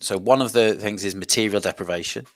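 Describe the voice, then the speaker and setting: A man's voice: on the low side, fairly quick, dry recording. A man explaining education policy in a live online revision lesson, hesitant and full of self-corrections. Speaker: revision session presenter.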